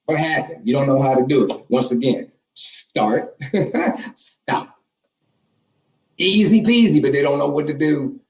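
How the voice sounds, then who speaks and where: A man doing a stand-up bit on video, animated and mocking as he talks back to imagined customers. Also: on the high side, normal speed. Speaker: stand-up comedian. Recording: echoey room, far from mic.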